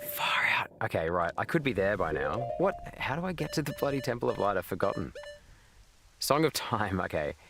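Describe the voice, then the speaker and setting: A man's voice: lowish voice, very animated, a little fast, gravelly. An Australian man in his thirties chatting casually while streaming a game, swearing and answering his chat. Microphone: webcam. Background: video game music.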